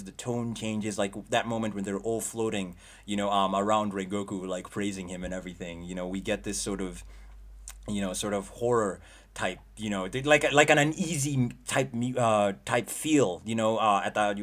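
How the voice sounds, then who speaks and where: A young man hosting a livestream, reviewing a movie in excited chat full of fillers and restarts. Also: on the low side. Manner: rambling, with many fillers and restarts. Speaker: livestream host.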